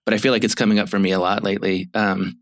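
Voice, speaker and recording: A man's voice: fairly low pitch, flat delivery, rapid-fire, dry recording, clean studio sound. A man who hosts a marriage therapy show, talking casually and rambling with many fillers and restarts. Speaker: marriage therapist and podcast host. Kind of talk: casual chat.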